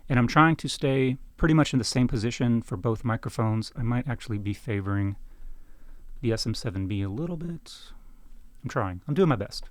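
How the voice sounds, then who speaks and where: A man's voice: medium pitch, brisk, dry recording. Chatty man demoing microphones up close. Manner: chatty, self-deprecating, asks listeners questions. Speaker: microphone reviewer. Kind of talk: casual gear demonstration. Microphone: talking close between two broadcast dynamic mics.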